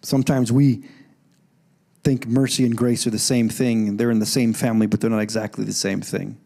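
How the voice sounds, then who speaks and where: A middle-aged man preaching a sermon in a church, animated, breaking into loud calls when he quotes. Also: mid-range voice, a little fast, creaky. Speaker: pastor. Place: church sanctuary.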